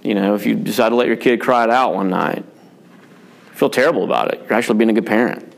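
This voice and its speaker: A lowish, fast-talking man with vocal fry, who is a pastor and a father, speaks casually about parenting. Frank and self-mocking, he rambles, leaning on fillers and restarting often.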